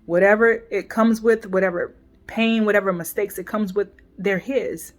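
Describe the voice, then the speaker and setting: A woman in her forties talking through a painful family rift in a personal vlog, emotional and halting, often restarting and trailing off softly. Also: medium pitch, fairly even intonation.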